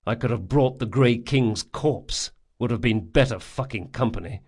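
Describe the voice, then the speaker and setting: Reader doing gruff burly thief: blunt, coarse, scolding, a touch raised. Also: male voice, mid-range voice, moderate pace, darkish tone, natural voice.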